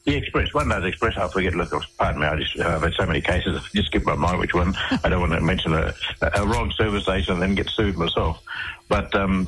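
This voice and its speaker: Radio guest, Australian man, very deep voice, rambling storyteller who restarts often, faint background hiss. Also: a bit bright, poor audio. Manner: rambling, with many restarts and repeated words. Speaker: interview guest. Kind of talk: casual radio interview storytelling.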